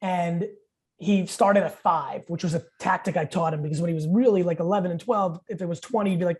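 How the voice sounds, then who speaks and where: A man in his forties, a podcast guest, telling stories in blunt, profane, rapid-fire talk. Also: high-pitched, a little mellow. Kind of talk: casual podcast interview.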